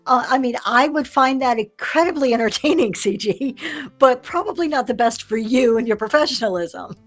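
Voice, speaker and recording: A middle-aged woman hosting a casual livestream, chatty and quick to laugh as she reads viewer comments. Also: fairly high pitch, expressive. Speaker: live-sale seller and host. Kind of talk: casual livestream business talk.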